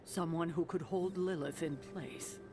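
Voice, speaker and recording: A wise older mentor from a video game, voiced by a woman, thoughtful and caring as she talks. Soft music plays behind her. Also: fairly low pitch, fairly even intonation, unhurried, natural voice. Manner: warm-hearted, thoughtful.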